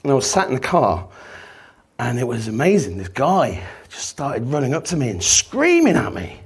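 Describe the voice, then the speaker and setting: A man's voice: mid-range voice, huge pitch swings, moderate pace, breathy edge. A man giving a live talk to an audience, telling stories and acting out the people in them, swearing freely. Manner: storytelling, acts out shouting people, swears freely. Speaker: speaker.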